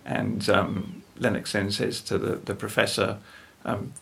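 An older man speaks with earnest conviction, his low voice gravelly and husky. He tells stories and checks in with tag questions. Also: fairly even intonation, normal speed, few pauses, a bit bright. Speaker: guest speaker. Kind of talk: earnest faith conversation.

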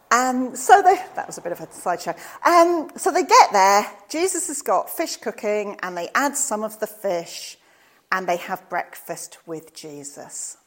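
A woman gives a sermon at medium pitch and a normal pace. She recounts the story vividly, imitating the people involved.

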